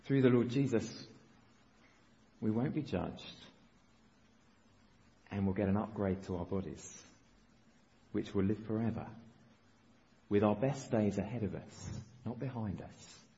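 A man's voice: on the low side, measured pace, long pauses, dark tone. Male pastor, earnest exhortation, dull recording in an echoing church. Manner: earnest, exhorting with short repeated phrases. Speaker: preacher. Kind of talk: sermon. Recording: dull recording with long reverb in a church hall.

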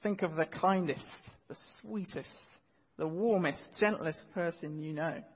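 A man preaching a sermon, earnest and measured, pausing and repeating key phrases. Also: fairly high pitch, husky. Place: church hall. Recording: dull sound with long hall reverb.

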